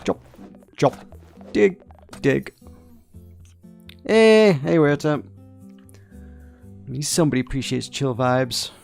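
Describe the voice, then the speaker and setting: Gravelly, chatty man streaming a game. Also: mid-range voice, lively intonation, a little slow, pauses often, darkish tone, faint music behind. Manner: chatty, playful, talks along with his play. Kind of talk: casual live-stream commentary.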